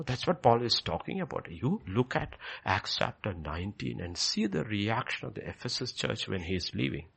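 Preaching with a gravelly voice, a male pastor hammers home key phrases through repetition, moving from loud proclamations to hushed, low passages. There's slight background noise.

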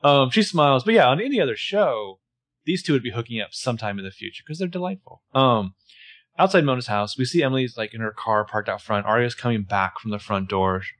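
A man's voice: medium pitch, lively intonation, a little fast, a bit bright. A man co-hosting a podcast, chatting casually through a TV episode recap with playful asides. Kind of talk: casual chat.

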